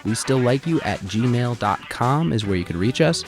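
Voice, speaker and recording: Lively male podcast host signing off. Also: mid-range voice, moderate pace, over music. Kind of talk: show outro.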